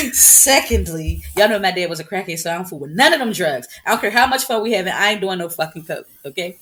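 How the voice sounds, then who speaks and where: A woman co-hosting a casual chat podcast. She talks in an animated, joking way and often breaks into laughter. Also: medium pitch, brisk, slight background noise. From United States. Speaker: podcast co-host.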